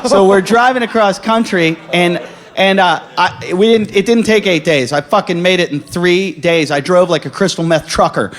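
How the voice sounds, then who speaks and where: A man's voice: high-pitched, normal speed, fairly bright tone. A man on stage at a live comedy podcast, telling rambling, profane stories full of stammered restarts. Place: live show on stage before an audience.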